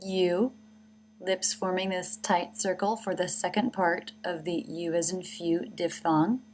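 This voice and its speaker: Slow, careful woman teaching pronunciation. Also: fairly low pitch, level tone, a little mellow, slight background noise. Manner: slow, careful, demonstrating sounds. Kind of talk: scripted instructional narration.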